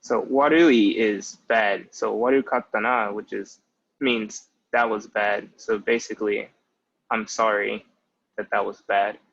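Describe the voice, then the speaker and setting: The speaker is a young man in his twenties, a language tutor whose lowish voice sounds gravelly, husky and a bit bright, delivered in a steady, unhurried tone. He teaches a casual spoken lesson step by step, tending to open with "so" and "basically," and the recording is muffled and lo-fi.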